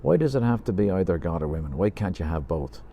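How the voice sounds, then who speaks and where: A man reads a good-natured pub regular in a deep, mellow voice. He chips in kindly and agrees easily. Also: sing-song, fast talker, a little hiss or hum. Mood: easygoing.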